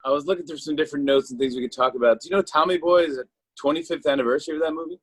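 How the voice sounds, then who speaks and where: A middle-aged man hosting a talk show, chatting casually with a guest over a video call, upbeat and quick to laugh. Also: on the high side, slightly rough, dry recording. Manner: laughs easily, upbeat and enthusiastic. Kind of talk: casual interview chat.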